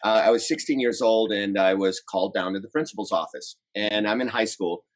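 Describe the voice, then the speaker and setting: Chatty man telling stories, low voice. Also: brisk. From United States. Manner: animated, chatty, quotes others in his stories. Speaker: relationship coach, guest. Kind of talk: casual interview storytelling.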